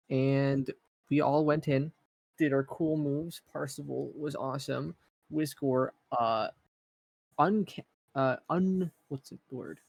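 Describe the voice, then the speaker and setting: Gravelly man rambling through a recap. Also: medium pitch, no echo. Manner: rambling recap with fillers, acting out characters' lines. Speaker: player recapping the session. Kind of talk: casual chat.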